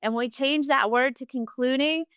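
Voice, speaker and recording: A woman's voice: high voice, moderate pace, a bit bright, smooth, no echo, clean studio sound. A woman teacher, leading a virtual class in an upbeat, encouraging way and saying "y'all".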